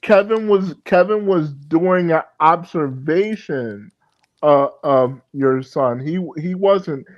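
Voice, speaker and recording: A man's voice: fairly high pitch, slow pace, dry recording. A man co-hosting a casual livestream chat, stammering and repeating his words. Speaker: livestream co-host. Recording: muffled lo-fi mic.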